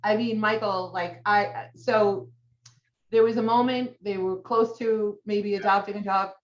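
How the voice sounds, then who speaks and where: A woman's voice: mid-range voice, fairly even intonation, unhurried, reverberant, muffled recording. A woman co-hosting a casual chat, emotional and gushing. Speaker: podcast co-host, animal advocate.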